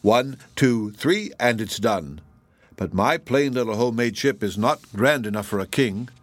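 Read by a man, a modest young boat builder describes his craft matter-of-factly. The sound is dry and close. The pitch is middle. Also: expressive, normal speed, dry recording, lightly acted.

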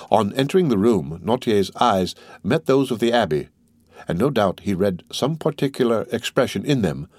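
Male reader narrating a classic novel, steady and measured, low voice; dry close recording. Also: no echo. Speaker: audiobook reader.

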